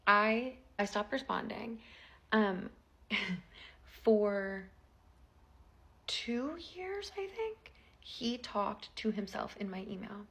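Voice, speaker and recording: A woman's voice: medium pitch, animated, takes it slowly, pauses often, fairly bright tone. A woman in her twenties telling a personal story in a chatty, casual vlog style, full of fillers.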